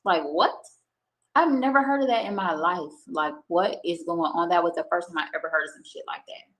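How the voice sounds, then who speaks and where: Her voice sits on the low side and sounds fairly bright as she talks briskly. A young woman streaming from home shares a personal story with her viewers, candid, emotional, and full of swearing. The audio is poor.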